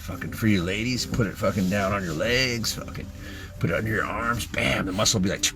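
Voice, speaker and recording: A man's voice: lowish voice, a little fast. A young man giving a rambling, profane self-help rant in a clip, hyping things up and then mumbling asides. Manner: rambling and swearing, jumping between hype and mumbling. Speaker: TikTok ranter.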